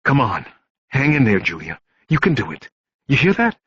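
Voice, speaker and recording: A man narrating an audiobook voices a tough middle-aged male detective who barks orders and speaks low, urgent reassurance. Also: wildly swooping pitch, moderate pace, fairly bright tone, breathy edge, no room sound, heavily acted. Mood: urgent comfort. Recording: dull, muffled audiobook recording.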